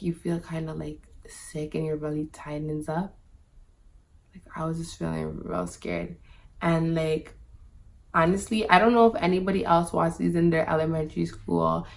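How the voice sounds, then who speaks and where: A woman's voice: low voice, vocal fry. A woman vlogger telling a personal story straight to her viewers in a casual monologue, packing nearly every phrase with "like". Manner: talks to viewers directly.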